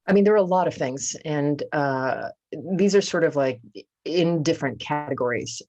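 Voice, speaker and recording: A woman's voice: low voice, normal speed, a little mellow. A woman co-hosting a podcast in casual chat, joking and laughing often as she talks. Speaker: podcast co-host.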